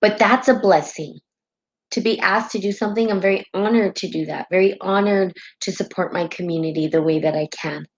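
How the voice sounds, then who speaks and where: A woman hosts a spiritual live stream in casual, heartfelt, rambling talk, often tagging her sentences with "right?" and turning tearful at times. Her medium-pitched voice is fairly quick, and the sound is lo-fi.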